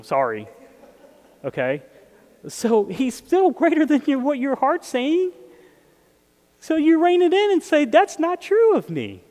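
A pastor with an extremely high, wildly swooping voice preaches a sermon a little slowly, leaving long pauses. His tone is a little mellow and conversational, he often asks his listeners questions, and a long reverb tail follows his words.

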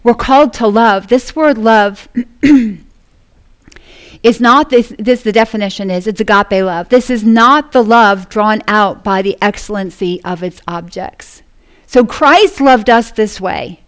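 A woman's voice: medium pitch, unhurried. A woman preaching a sermon to a congregation, earnest and laughing often as she speaks.

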